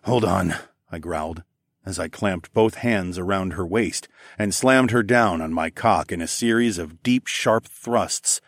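A man narrating a first-person erotic audiobook in a low, intimate, unhurried way. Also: no room sound, studio quality.

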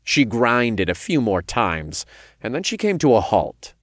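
A man reading a first-person story aloud in a calm, measured way. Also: medium pitch, dry recording, studio quality. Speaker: narrator.

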